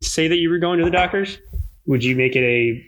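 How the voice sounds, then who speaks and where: A man's voice: a little high, brisk, a bit bright, poor audio. A man hosting a casual conversation, pressing his guest with follow-up questions.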